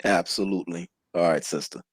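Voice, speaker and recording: A man's voice: low-pitched, brisk, slightly rough, dry recording. A man hosting a livestream talk show, delivering an emphatic, preachy monologue with stumbles and restarts, often asking "okay?". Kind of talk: casual commentary monologue.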